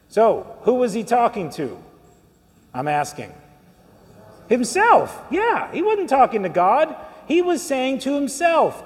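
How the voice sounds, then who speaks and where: A man's voice: extremely high pitch, big pitch swings, measured pace, long reverb tail. A man giving a conversational sermon to his congregation, asking them questions as he goes. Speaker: priest. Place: church.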